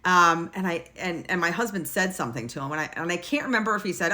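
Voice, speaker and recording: A middle-aged woman casually telling a personal story in a blunt, lively way, swearing now and then. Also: lowish voice, fairly quick, few pauses.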